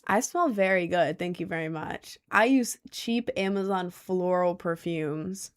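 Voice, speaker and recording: A woman's voice: lowish voice, unhurried, clear, resonant tone. A young woman casually chatting on a livestream at home, answering chat in slangy, rambling talk. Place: indoors at home, seated in a chair.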